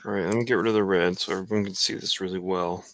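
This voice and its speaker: A man's voice: deep voice, steady tone, quick pace, fairly bright tone, dry recording. A man hosting a live drawing stream, chatting easily and teasing his co-host. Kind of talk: casual livestream chat.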